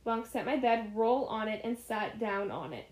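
A woman's voice: a little high, lively intonation, moderate pace, darkish tone. Giggly woman in an echoey room. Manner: giggly, stumbles and restarts while reading. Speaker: podcast co-host reading stories. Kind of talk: casual chat, reading stories aloud.

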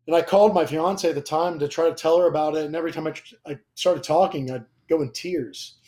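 A man's voice: a little high, quick pace, mellow. A young man sharing a personal faith testimony in casual conversation, emotional and rambling, with frequent fillers and restarts. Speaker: guest.

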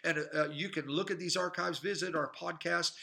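Male pastor, high and piercing voice, fervent emphatic sermon delivery. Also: steady tone, normal speed, vocal fry, sharp tone. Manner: fervent, emphatic, repetitive preaching cadence. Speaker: pastor and evangelist. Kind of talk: preaching sermon. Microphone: podcast microphone.

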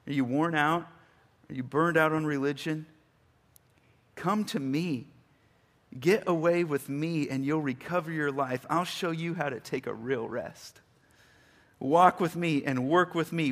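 A man preaching a sermon, emphatic, rising to loud bursts and reading scripture slowly and deliberately. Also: on the high side. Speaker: pastor.

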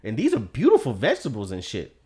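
A man's voice: lowish voice, quick pace. A man co-hosting a podcast, chatting casually and jokingly about a movie, swearing freely. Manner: profane, joking, animated storyteller. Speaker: podcast co-host. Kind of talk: casual movie-discussion chat.

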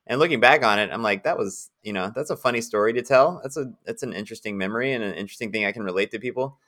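A man with a low voice and a bright, forceful edge. He tells stories in a measured, self-deprecating way during casual chat.

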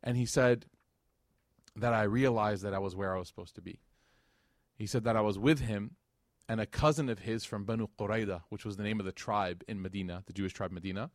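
A man's voice: on the low side, a little fast, no echo, clean studio sound. A man giving a casual religious lecture, telling a story and acting out the dialogue with slangy asides. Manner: animated, acts out quoted dialogue.

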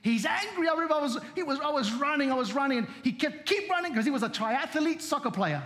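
A man's voice: extremely high pitch, expressive, quick pace, fairly bright tone. A man preaching a sermon as pastor, telling stories in a repetitive, conversational way and often saying amen. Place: church.

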